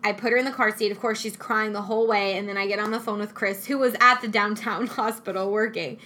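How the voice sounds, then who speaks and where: A woman's voice: mid-range voice, fast, a little hiss or hum. A young woman telling a personal story in casual chat, acting out what people said. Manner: animated storytelling, acting out quotes.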